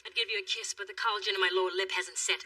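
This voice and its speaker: A vain, catty diva in a sitcom who rattles off teasing put-downs very fast. Her voice is bright, and the sound is dry and taken from a distance. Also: mid-range voice, fairly even intonation, dry recording. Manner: haughty, teasing. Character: vain haughty woman, quick and catty. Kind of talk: sitcom acting.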